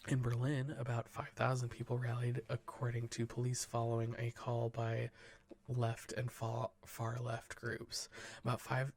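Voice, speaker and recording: A man softly reading the news into a close mic in a whispered, ASMR way, stumbling over words and breaking off for dry, jokey asides. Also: medium pitch, vocal fry, no room sound.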